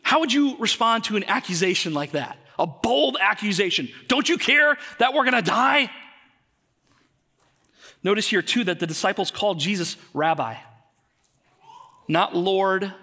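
Bright-voiced man preaching a sermon. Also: high voice. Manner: conversational, asks the congregation questions. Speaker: pastor. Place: church.

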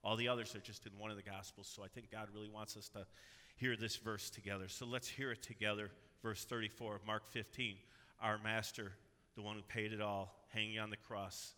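A man preaching a sermon as pastor, earnest and building to loud, emphatic cries. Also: lowish voice, little pitch movement, fairly quick. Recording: long hall reverb.

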